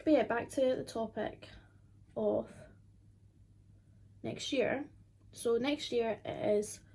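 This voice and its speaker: A woman's voice: on the high side, takes it slowly, mellow, breathy edge. A twenty-year-old woman, chatting casually and rambling with lots of fillers while doing her makeup at home. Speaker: beauty vlogger.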